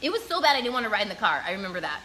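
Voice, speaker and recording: A young woman guest in a casual chat, talking quickly and laughing easily. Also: medium pitch, very animated, very noisy.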